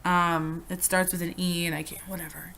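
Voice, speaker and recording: A woman's voice: lowish voice, level tone, moderate pace, creaky, fairly bright tone. A young woman chatting through a storytime vlog, swearing freely and losing her train of thought. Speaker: vlogger.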